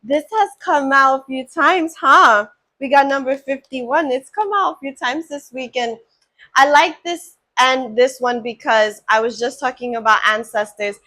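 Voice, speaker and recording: A woman's voice: sits high, measured pace, pushed and bright. A woman doing a spiritual oracle card reading, earnest and affirming, often checking in with her listener.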